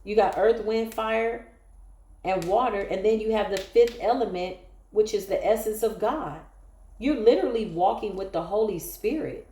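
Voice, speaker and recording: A woman's voice: mid-range voice, moderate pace, warm tone, echoey room. A woman giving an emotional, emphatic spiritual tarot reading, often breaking into exclamations. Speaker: tarot reader.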